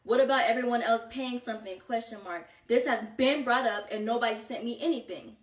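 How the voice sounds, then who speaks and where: A young woman vlogger telling a casual storytime, animated and slangy, acting out text messages as she goes. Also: a little high, fairly quick, distant mic. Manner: animated, slangy, quoting texts in voices. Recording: roomy, from off the mic.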